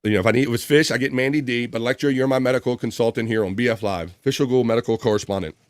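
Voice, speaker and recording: A man's voice: mid-range voice, rapid-fire, no echo, studio quality. Profane, joking male stream host. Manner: loose, profane, joking banter with frequent laughs. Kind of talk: casual live-stream chat, reading viewer comments and news.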